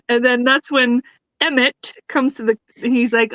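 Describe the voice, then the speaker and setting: A woman's voice: high voice, a little slow, fairly bright tone, no room sound, poor audio. A woman co-hosting a podcast, retelling a sitcom episode in casual chat, acting out the characters' lines and laughing often. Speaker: podcast co-host reviewing a sitcom.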